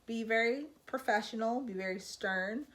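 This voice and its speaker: A woman's voice: fairly high pitch, normal speed, fairly bright tone. A young woman talking casually in a vlog, giving advice and acting out little bits of dialogue. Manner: chatty, acts out quoted dialogue. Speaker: vlogger.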